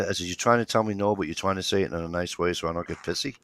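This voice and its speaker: A man's voice: low voice, fairly quick, gravelly, no echo. A man telling long stories in casual chat, acting out each side of the conversation and swearing freely. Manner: animated storyteller acting out dialogue, swears freely. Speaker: show regular.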